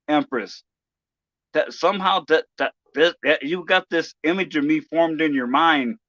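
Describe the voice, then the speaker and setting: A man vents on his own livestream in a casual, halting way, tripping over restarts and swearing freely. His voice sits a bit high and sounds bright and forceful. The mic is dry and a little dull. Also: no echo. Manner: halting, many restarts and stammers, profane. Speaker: live streamer.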